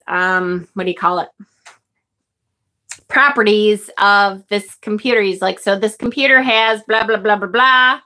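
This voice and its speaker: On her tarot livestream, a middle-aged woman with a mid-range, slightly bright voice greets her audience and reads comments aloud in a chatty way. The card images move her, drawing gasps and exclamations in this casual live chat.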